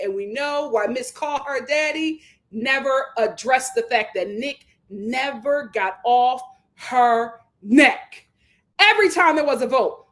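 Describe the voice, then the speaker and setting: A young woman rants through a reality TV recap with biting sarcasm. Her voice sits high and swoops up and down. She mocks people with exaggerated impressions and shifts quickly between scorn and disbelief. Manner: animated, sarcastic, mocking impressions, breaks into laughter. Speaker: commentary channel host.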